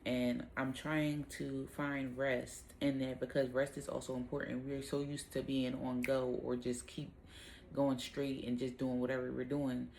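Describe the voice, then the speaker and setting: A woman hosting a casual devotional Bible talk, speaking in a relaxed, rambling way with lots of "um" and "like". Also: rumbling low, unhurried, slight background noise, poor audio. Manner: relaxed, rambling, heavy use of fillers like "um" and "like".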